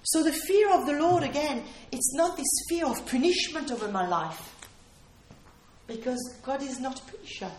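A woman's voice: sits high, lively intonation, normal speed, a little hiss or hum. Woman preaching earnestly in an echoey hall. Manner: earnest, emphatic, repeats key phrases. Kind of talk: sermon. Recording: roomy hall echo.

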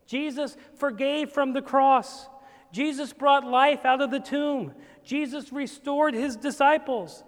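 High-voiced man preaching in a reverberant church. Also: steady tone, slow. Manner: emphatic preaching that swells from quiet to loud. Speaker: pastor. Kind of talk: sermon. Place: church sanctuary.

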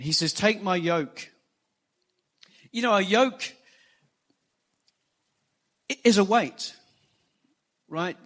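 A man preaching a sermon, animated and emphatic, acting out quoted lines. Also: a little high. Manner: animated preaching, rising emphasis, quotes scripture in acted voices. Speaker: pastor.

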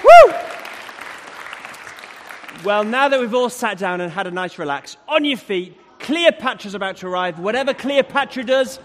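An energetic man hosts a live stage show in a very high, animated voice and calls loudly out to the audience. A cheering crowd and music fill the echoing hall behind him. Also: brisk, few pauses, slight background noise.

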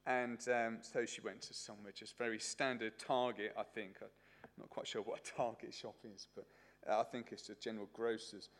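A man's voice: on the low side, flat delivery, normal speed, a bit bright. A man preaching a sermon at a church service, telling a story in a chatty way with many fillers.

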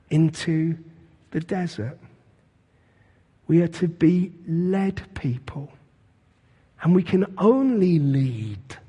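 Animated male pastor preaching in a church. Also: on the high side, slightly rough, big-room sound, highs cut off. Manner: animated storytelling, vivid retelling. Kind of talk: sermon.

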